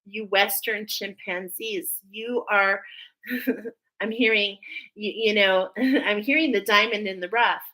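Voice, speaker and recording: A woman's voice: mid-range voice, steady tone, takes it slowly, sharp tone, poor audio. A woman hosting a spiritual oracle card reading, talking effusively and often emotionally. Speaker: angel oracle card reader.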